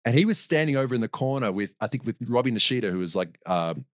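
A man's voice: medium pitch, big pitch swings, fast talker, dry recording. Man telling stories, dry close sound. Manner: rambling, with restarts and laughs. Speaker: podcast guest. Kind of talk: casual storytelling.

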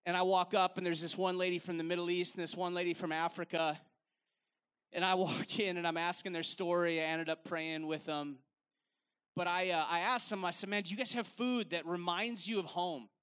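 A man preaches a sermon in a strikingly high, forceful voice. He talks in a loose, conversational way and drives his points home by repeating phrases. The energy stays up throughout. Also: fairly even intonation, a little fast, clear, resonant tone. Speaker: evangelist preacher.

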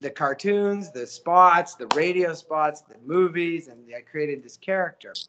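A man, a voice actor telling stories as an interview guest, animated and slipping into character voices. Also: on the high side, measured pace, muffled recording, noisy background. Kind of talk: casual storytelling interview.

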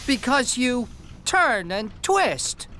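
A man's voice: extremely high pitch, big pitch swings, drawn-out words, sharp tone, slight background noise, voice pushed up, heavily acted. A man voicing a kindly older male cartoon engine who is timid and easily frightened. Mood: fretful. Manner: nervous, fretful.

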